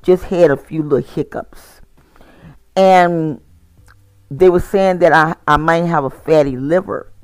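A man's voice: a little high, steady tone, measured pace, dry recording. Tired male vlogger with a dry, close sound, chatting informally and drifting through his thoughts. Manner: rambling, frequent restarts and repeats. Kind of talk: casual monologue to camera.

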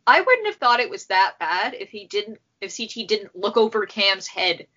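A woman co-hosting a casual recap chat, animated and acting out quotes. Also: mid-range voice, moderate pace. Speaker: podcast co-host. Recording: dull lo-fi sound.

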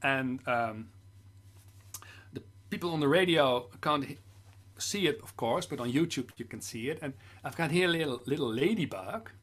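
A middle-aged Dutch man, a children's musician, chatting casually in halting English with many fillers and restarts. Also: mid-range voice, lively intonation, fairly bright tone. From Netherlands. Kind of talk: casual chat with sung children's songs.

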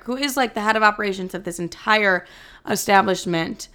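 A woman's voice: mid-range voice, steady tone, fairly quick, sharp tone, clean tone. A young adult woman telling a story to the camera in a casual rant, blunt and swearing a lot. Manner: blunt, heavy swearing, fired-up. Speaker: storyteller vlogger.

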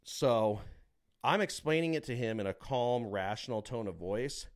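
A man co-hosting a podcast, telling a long story in a casual, animated way with plenty of swearing. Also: mid-range voice, unhurried. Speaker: podcast co-host.

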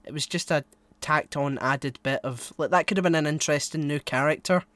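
A man co-hosting a podcast, chatting casually and rambling, with loud outbursts between mumbled asides. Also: fairly high pitch, a little fast, no room sound. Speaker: podcast co-host.

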